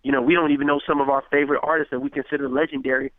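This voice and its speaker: A man's voice: medium pitch, very fast, dry recording. A man in his thirties, a rapper, talking casually in an interview with lots of fillers, acting out quoted conversations. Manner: animated, acts out quoted dialogue, many fillers. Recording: tinny phone-like radio sound.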